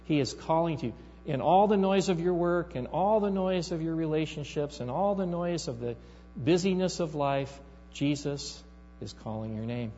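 A man's voice: fairly high pitch, normal speed, mellow, soft background music. A male pastor preaching a sermon, telling a story and building to emphatic rises. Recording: reverberant hall, dull sound, mains hum.

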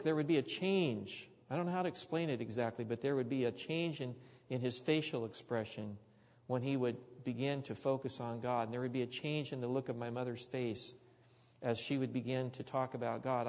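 An earnest man preaches, weaving a childhood story into his sermon with thoughtful pauses and restarts. His voice carries a long reverb from a large hall, and the recording is slightly dull and lo-fi. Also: mid-range voice, darkish tone.

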